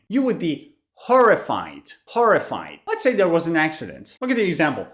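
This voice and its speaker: Woman, English teacher, lively up-and-down voice, clear deliberate delivery, repeats words for practice. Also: lowish voice. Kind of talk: vocabulary lesson.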